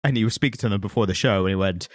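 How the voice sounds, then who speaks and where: A man's voice: fairly low pitch, rapid-fire, no room sound, studio quality. A man co-hosting a podcast in casual chat, telling rambling stories full of fillers and tangents. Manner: rambling, tangent-prone storytelling with frequent fillers. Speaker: podcast co-host.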